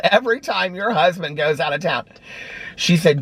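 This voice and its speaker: A middle-aged man vlogging in a chatty storytelling way, acting out a friend's lines in a higher voice. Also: sing-song, normal speed, husky. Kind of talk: casual vlog chat. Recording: loud car and street noise.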